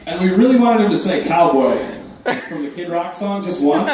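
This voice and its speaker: A man doing a deadpan, self-deprecating stand-up set on a club stage, hosting the show and dropping quick asides. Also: sits high, recorded from a distance, crowd noise. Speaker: stand-up comedian and host. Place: comedy club stage before a live crowd. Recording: echoey room, voice from afar.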